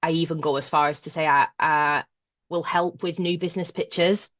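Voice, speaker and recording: A woman's voice: deep voice, fairly even intonation, normal speed, fairly bright tone, no room sound, highs cut off. A woman with a broad Lancashire accent from Burnley, a guest in a casual interview chat, frank and self-deprecating. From Burnley, Lancashire, England. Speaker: podcast guest, manager.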